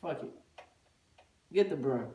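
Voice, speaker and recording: A man's voice: fairly high pitch, animated, slow pace, warm tone, a little hiss or hum. A man voicing a stern, strict mother scolding her son, giving firm, clipped commands. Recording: echoey room, voice far from the mic.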